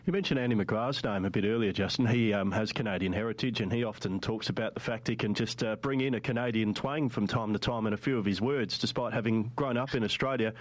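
A man hosting a radio interview, talking in a smooth conversational way. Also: fairly low pitch, quick pace, hardly any pauses, no echo. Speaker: radio host.

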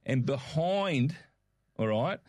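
Australian male co-host, animated storyteller, mid pitch, dry close sound. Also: slow pace, no room sound. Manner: animated, acts out quoted voices. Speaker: podcast co-host. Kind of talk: casual storytelling chat.

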